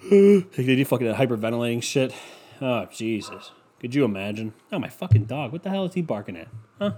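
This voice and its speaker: A man's voice: medium pitch, expressive, brisk, a little mellow, breathy edge. A man hosting a casual solo podcast, rambling and swearing freely, packing his talk with "you know" fillers. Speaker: podcast host.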